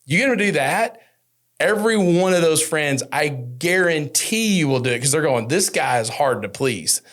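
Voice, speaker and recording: A man hosting a business podcast, telling stories in a casual, animated way and acting out what people said. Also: normal speed. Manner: animated storyteller, acts out quotes with rising pitch. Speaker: podcast host.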